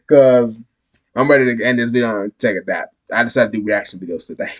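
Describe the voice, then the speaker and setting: A man's voice: on the low side, big pitch swings, a little slow, long pauses. A man hosting a reaction video, talking casually and hyping his viewers toward a call-and-response sign-off.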